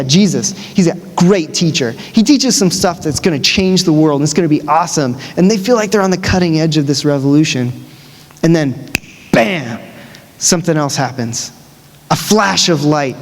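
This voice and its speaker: A man with a high voice delivers a sermon in a large church. He tells the story casually, with lively, conversational asides. His voice carries a long reverb that rings around the hall. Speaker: preacher.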